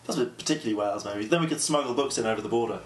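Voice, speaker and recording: A man's voice: mid-range voice, racing, reverberant, slight background noise. A man from London, an author, chatting playfully in an interview and laughing often. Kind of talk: casual conversational interview.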